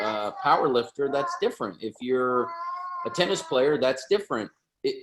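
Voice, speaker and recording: A man in his thirties hosting a video call, giving an upbeat, joking sales pitch. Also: roomy sound, background noise.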